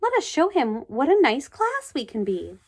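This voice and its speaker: Storybook: woman playing a prim, gently scolding teacher, fairly high voice with lively lilt. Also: normal speed, full character voice. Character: prim, patient female schoolteacher.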